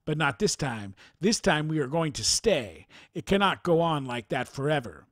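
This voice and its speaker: A man's voice: a little high, big pitch swings, moderate pace, a bit bright, no room sound, studio quality. A man voicing an anxious villager who urgently insists his people will no longer flee. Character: anxious male villager, defiant yet fearful.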